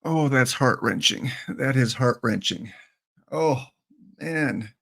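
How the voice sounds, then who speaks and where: A man's voice: mid-range voice, lively intonation, slow, vocal fry, a bit bright. A man streaming a baseball sim game, chatting casually, joking and thanking viewers as he plays. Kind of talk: casual live-stream chat while playing.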